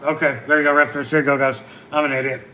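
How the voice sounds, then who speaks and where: Concession worker, chatty and rambling, slightly high pitch, recorded over noisy air conditioning hum. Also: male voice, little pitch movement, rapid-fire, bright, forceful tone. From US Midwest. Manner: rambling, chatty, answers chat questions aloud. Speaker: concession stand worker livestreaming. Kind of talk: casual livestream chat. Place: concession stand at a soccer venue.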